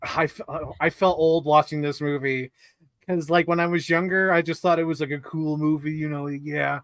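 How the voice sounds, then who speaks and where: A man co-hosting a casual film chat, excitable and chatty, leaning on "like" a lot. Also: fairly high pitch, moderate pace, no echo. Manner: chatty, leans heavily on 'like', excitable. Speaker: co-host. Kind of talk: casual chat about films.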